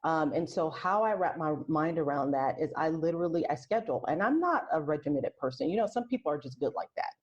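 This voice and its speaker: A woman talking as a podcast guest in casual interview chat, soft and reflective, often restarting her sentences. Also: deep voice, expressive, quick pace, hardly any pauses. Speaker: podcast guest, aromatherapist and health coach. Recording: lo-fi muffled sound.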